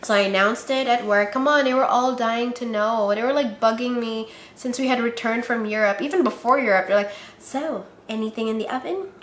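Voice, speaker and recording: A woman's voice: fairly high pitch, fairly even intonation, a little fast, few pauses, a bit bright. Bubbly young woman vlogging, roomy sound. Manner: bubbly, laughs often, acts out quoted voices. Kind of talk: casual vlog chat. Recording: roomy echo.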